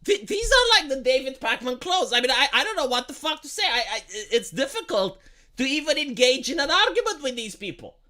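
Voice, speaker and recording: His voice extremely high, very animated, sharp, and a little fast, a man live streams an angry, profane political rant. He stumbles and repeats words while arguing and peppering listeners with rhetorical questions.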